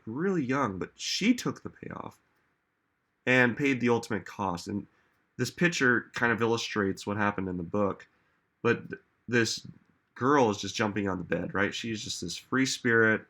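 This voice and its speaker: A man's voice: lowish voice, sharp tone. A man giving a casual motivational talk to an audience, chatty, often saying "like" and "right?", stressing his points with questions. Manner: conversational, frequent "like" and "right?". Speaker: self-help speaker.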